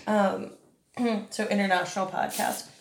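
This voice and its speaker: A woman's voice: medium pitch, fairly even intonation, a little slow. A woman in her twenties co-hosting a podcast, with a wry, joking, teasing manner. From United States. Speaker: podcast co-host. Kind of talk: casual chat. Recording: roomy echo.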